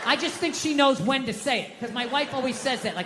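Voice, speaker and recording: A middle-aged man doing stand-up, cursing and ranting through his story. His voice sits high and sounds sharp and bright. It carries a long hall reverb with faint ambience behind it. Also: lively intonation, a little fast, slight background noise. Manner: profane, ranting, shifts into shouted outbursts. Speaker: stand-up comedian. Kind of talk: stand-up comedy.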